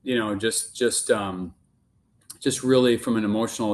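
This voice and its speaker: A man's voice: fairly low pitch, steady tone, moderate pace. A middle-aged man as a podcast guest, speaking earnestly and often repeating words while he searches for them. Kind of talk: casual interview conversation.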